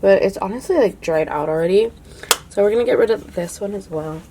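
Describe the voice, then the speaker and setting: A young woman talks through her makeup collection in a relaxed, rambling way, sprinkling "like" everywhere. Her voice sits at an ordinary middle pitch for a woman. She often drops quiet and breathy when she admires a product. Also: brisk, background noise. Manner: chatty, full of "like", drops to a soft hush when admiring products. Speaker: beauty vlogger. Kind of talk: casual makeup declutter chat.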